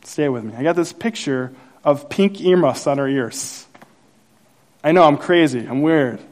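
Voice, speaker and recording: A man preaching a sermon as pastor, telling a personal story with acted-out quotes and rising excitement. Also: unhurried. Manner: animated storyteller, acts out quotes, grows louder and higher as the story builds.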